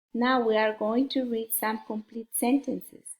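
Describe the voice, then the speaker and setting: A woman teaching a phonics lesson to young children, sounding out letters one at a time in a slow, deliberate way. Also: a little high, fairly even intonation, darkish tone, roomy sound.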